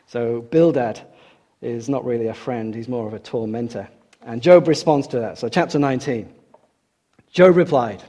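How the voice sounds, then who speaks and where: A man's voice: medium pitch, normal speed, dark tone. A man preaching a sermon as a preacher in a church, earnest and emphatic, repeating key words for stress.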